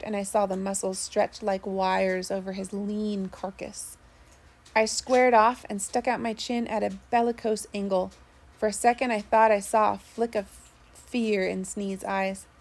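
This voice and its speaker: A woman narrating a first-person sea story, steady with small slips. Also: medium pitch. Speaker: audiobook narrator.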